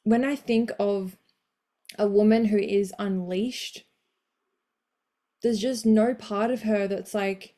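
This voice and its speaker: Warm, blunt motivational woman coach. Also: medium pitch, slow pace, pauses often. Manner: energetic, blunt, swears casually, cheers listeners on. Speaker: women's coach hosting a live session. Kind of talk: motivational live talk.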